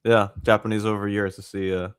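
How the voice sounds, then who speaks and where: A man hosting a podcast in casual chat, reading out comic titles and prices with frequent filler pauses. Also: on the low side, flat delivery, smooth, no echo, clean studio sound. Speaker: podcast host.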